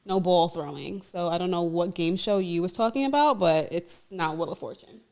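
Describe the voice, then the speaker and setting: A woman's voice: lowish voice, normal speed, darkish tone. A woman, a guest on a casual podcast, playful and teasing. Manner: playful, teasing, contradicts the others.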